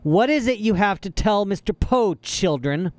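A man's voice: high voice, lively intonation, normal speed, no room sound, voice pushed up. A man voicing a sly, sinister villain count in an audiobook, talking in a sneering, menacing way.

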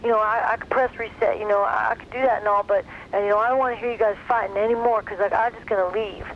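A woman putting on a sincere sixteen-year-old boy from Texas, his drawl pitched a little above her own voice, tumbling out his words fast and full of fillers. The recording sounds slightly dull, with a faint hiss behind it. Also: fairly even intonation, natural voice. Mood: hesitant. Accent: Texan. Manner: rambling, earnest, full of "you know" and "like".

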